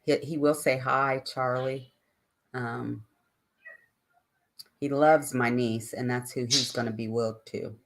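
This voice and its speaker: A woman's voice: extremely low pitch, little pitch movement, measured pace, long pauses. An older woman hosting a live stream, chatting casually and ramblingly with her viewers and answering their comments.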